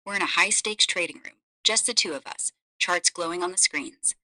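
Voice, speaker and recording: A woman's voice: lowish voice, normal speed, bright, forceful tone, poor audio. A synthetic female AI voice playing a flirty, seductive female companion who murmurs teasing lines. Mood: sultry, teasing. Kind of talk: AI voice role-play.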